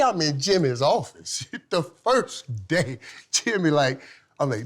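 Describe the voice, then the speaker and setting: A middle-aged man, a former football player, telling lively stories as a podcast guest, laughing often and swinging from loud to hushed. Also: mid-range voice, moderate pace. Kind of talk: animated storytelling in casual chat.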